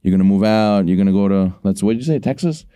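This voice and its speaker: A man's voice: sits low, steady tone, rapid-fire, warm tone, clear, resonant tone, dry recording. A man co-hosting a casual talk show, telling a Torah story and acting out the voices in it. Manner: preachy, storytelling, acts out quotes. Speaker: co-host. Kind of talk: casual sports talk, giving a short Torah lesson.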